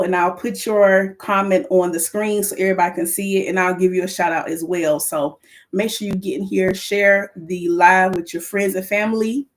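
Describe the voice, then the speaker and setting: Woman hosting her podcast live, hyped up, keeps calling viewers in, mid-pitch voice. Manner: lively, excited, calls to the audience. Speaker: podcast host. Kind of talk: livestream chat to viewers.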